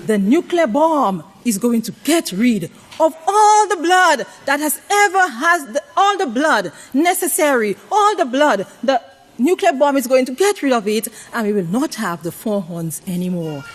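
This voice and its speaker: A woman preaches to her congregation in a high, bright voice. She keeps putting questions to them and asking for answers. Her pitch rises and falls widely for emphasis. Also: lively intonation, moderate pace. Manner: call-and-response questions to the congregation. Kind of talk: sermon to a congregation.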